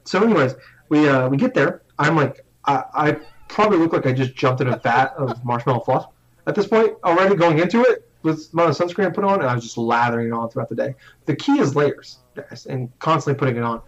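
A man's voice: fairly high pitch, expressive, quick pace. A young man tells a long story in loose, casual chat, cursing freely and poking fun at himself. His sentences trip and restart as he goes. The recording sounds slightly dull and lo-fi. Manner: rambling, profane, self-mocking, restarts often.

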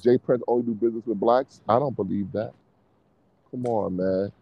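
A man's voice: lowish voice, steady tone, moderate pace, vocal fry, husky, lo-fi sound. A man arguing provocatively in a casual podcast chat, repeating his points with rising heat. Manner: provocative, heated, repetitive, laughs at own claims. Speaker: podcast co-host.

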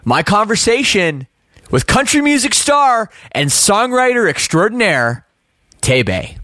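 A man's voice: high-pitched, very animated, measured pace, sharp tone, no echo. A young man with a Canadian accent, hosting a podcast in casual chat, upbeat and chatty while he plugs his channels. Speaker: podcast host.

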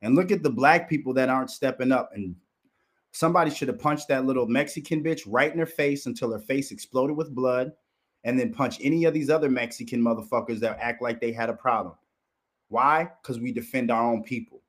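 A man hosts his own commentary show and rants furiously over video clips. He swears constantly and talks with an aggressive edge. His voice sits at an ordinary middle pitch. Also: brisk. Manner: aggressive, profane, ranting. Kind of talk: profane rant commentary.

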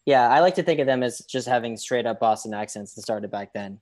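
A man's voice: medium pitch, brisk, a little mellow. A man co-hosting a podcast, talking casually and joking in a laid-back way. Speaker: podcast co-host. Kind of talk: casual chat.

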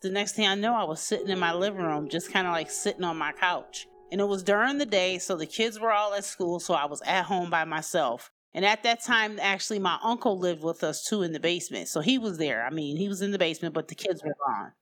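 A woman's voice: on the low side, fairly quick, hardly any pauses, a bit bright. Candid woman telling her own story. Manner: candid, loose and conversational, many "you know" and "like" fillers. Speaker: person sharing her own life story. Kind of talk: personal storytelling, unscripted.

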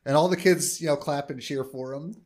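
A man's voice: fairly high pitch, a little fast. A man co-hosting a podcast, casually recapping a TV episode with lots of "uh" and "um" and quoting the characters' lines. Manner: recaps plot with many fillers and quoted lines. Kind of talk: casual chat.

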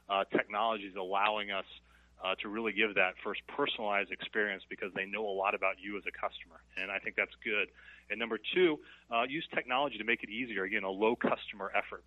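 A man's voice: fairly low pitch, dry recording. A male guest on a talk show, explaining his points earnestly in casual chat. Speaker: company guest. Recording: tinny phone line.

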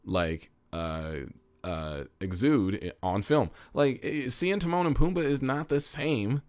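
A man's voice: medium pitch, measured pace, a little mellow. A man co-hosting a casual podcast, giving rambling, opinionated takes with many restarts. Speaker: podcast co-host. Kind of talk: casual chat.

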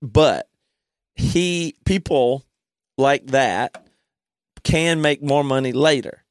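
A man's voice: medium pitch, very slow, dry recording, clean studio sound. A man co-hosting a casual podcast, rambling and hesitating through his opinions. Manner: rambling, hesitant, restarts mid-thought. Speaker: podcast co-host. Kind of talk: casual chat.

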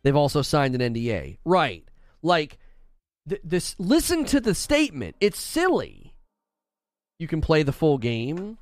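A man on a live stream argues with his chat in a skeptical, argumentative manner, often stumbling over repeated words. His fairly high voice swings up and down with lively energy. Faint music plays behind him. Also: unhurried, no echo, clean studio sound.

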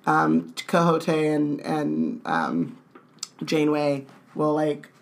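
A woman co-hosting a casual podcast, riffing in rambling, animated bursts full of "like". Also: deep voice, slow pace, vocal fry. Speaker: podcast co-host. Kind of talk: casual chat.

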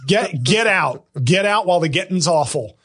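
A man's voice: high voice, expressive, moderate pace, a bit bright, slightly rough. A comedian hosting his podcast, riffing sarcastically and rambling through hot takes. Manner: sarcastic, rambling, bursts into impressions.

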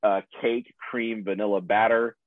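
A man's voice: lowish voice, level tone, unhurried, no room sound. A man telling a personal story in casual chat, laughing often, swearing freely and poking fun at himself. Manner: profane, laughing, self-deprecating. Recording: dry tinny phone-like sound.

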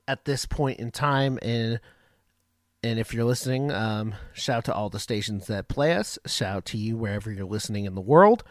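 A man hosting a radio show in a casual, rambling way, swearing freely and filling pauses with ums. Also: medium pitch, dry recording, studio quality. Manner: rambling, profane, lots of ums. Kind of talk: casual talk-radio intro. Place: home radio setup.

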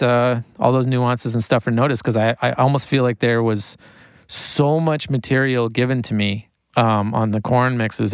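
A man, a guest talking about mixing records in a casual interview, rambling and animated and laughing often. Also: mid-range voice, clear, resonant tone, no echo, studio quality. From United States.

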